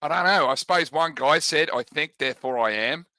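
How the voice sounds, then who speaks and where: A man with a slightly high, bright and forceful voice jokes in a dry, deadpan way through casual chat. He calls people mate. The sound is close and dry, with no room echo. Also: fairly quick.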